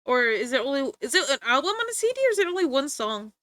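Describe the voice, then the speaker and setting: A young woman livestreamer chatting casually to her viewers, giggly and rambling, with sudden bursts of excitement. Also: high voice, fast talker, dry recording. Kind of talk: casual stream chat.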